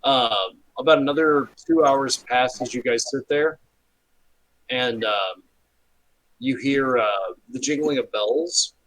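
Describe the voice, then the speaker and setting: A man narrating as game master of a tabletop game, relaxed and often pausing with fillers. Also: mid-range voice, rough recording. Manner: relaxed, hesitant with fillers, slips into quick character voices.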